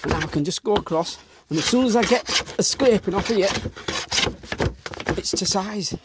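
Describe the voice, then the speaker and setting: Working in his workshop, a slightly breathless man from Northern England mutters bluntly about what he's doing, with the odd mild swear. He speaks at a moderate pace in a high voice, against clear sounds of planing, rubbing and wood.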